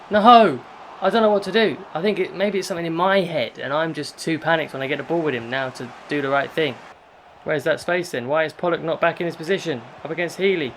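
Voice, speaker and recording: A young man commentating live over his football video game, frustrated and exasperated, with sudden loud outbursts. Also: fairly high pitch, a little hiss or hum. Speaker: gaming YouTuber.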